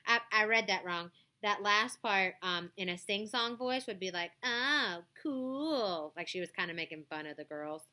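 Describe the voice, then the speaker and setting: Bright-voiced woman reading kids' chapter book, plain and gentle. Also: on the low side, steady tone, a little fast, hardly any pauses, clean tone. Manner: plain, gentle storybook reading with casual asides. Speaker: storyteller reading aloud.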